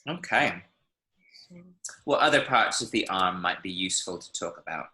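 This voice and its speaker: Over a video call from an echoey room, a man runs an online Spanish lesson, cheering his students on and explaining through spoken examples of pronunciation. His voice sits low and is expressive, pushed and bright, with a moderate pace.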